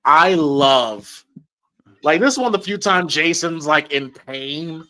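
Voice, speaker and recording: A host giving live movie commentary in relaxed, enthusiastic fan chat. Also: mid-range voice, slow.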